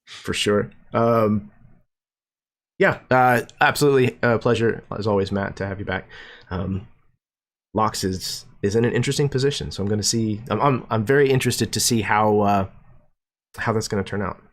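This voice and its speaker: A man's voice: on the low side, normal speed. A man hosting a tabletop game stream as game master, introducing players in a laid-back, joking way.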